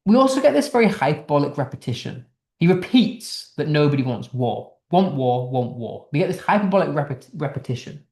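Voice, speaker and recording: A man's voice: a little high, expressive, a little fast, darkish tone, roomy sound. A man teaching English literature in a casual online lesson, explaining a text line by line in a chatty way with restarts, from the United Kingdom.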